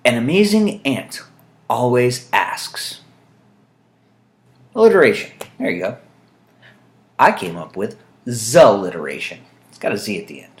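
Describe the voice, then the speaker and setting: A man rambling to his camera in a loose, jokey monologue. His pitch swings freely, and he drifts between asides with plenty of ums. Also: very animated, unhurried, long pauses. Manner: dry, jokey, meandering with fillers. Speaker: vlogger.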